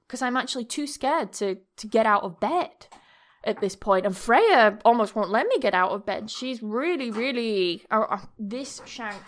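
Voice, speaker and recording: A woman's voice: a little high, expressive, moderate pace, noisy background. A young woman hosting a podcast, chatting casually through a spooky story, laughing often and swearing freely. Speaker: podcast host.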